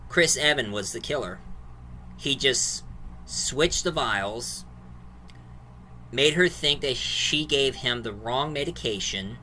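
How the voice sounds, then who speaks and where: A man's voice: mid-range voice, sharp tone, slight background noise. A man casually reviewing a movie, recapping the plot in a rambling way with restarts and fillers.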